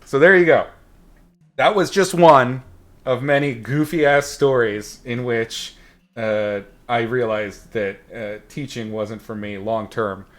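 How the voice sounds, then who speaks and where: A painting instructor takes it slowly, his mid-range voice unhurried as he streams a session. He tells a wandering, easygoing story while painting, heavy on fillers and with some blunt swearing.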